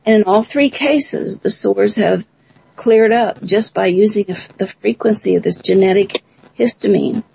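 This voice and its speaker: A woman's voice: mid-range voice, moderate pace, creaky, dark tone, husky, highs cut off. A woman, a guest on a radio interview, giving long, talkative explanations of her research and program. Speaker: guest, bioacoustics researcher and teacher.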